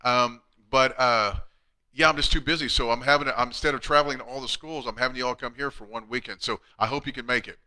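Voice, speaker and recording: A man's voice: mid-range voice, fairly even intonation, fast talker, pushed and bright. A middle-aged man, a chiropractor hosting a casual live Q&A, talking bluntly and chattily. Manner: blunt, chatty, reads out viewer questions.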